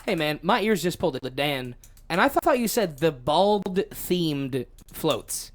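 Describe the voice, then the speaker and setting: Male guest, playful banter, very animated pitch. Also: unhurried. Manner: playful, laughing, lively intonation. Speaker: studio guest. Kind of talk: casual comedic chat. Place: small studio.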